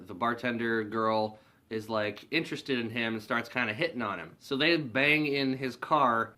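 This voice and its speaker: Casual male movie reviewer with a bright, forceful voice. He rambles and swears freely. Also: mid-range voice. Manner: rambling, profane, heavy use of "like". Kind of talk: casual spoken movie recap.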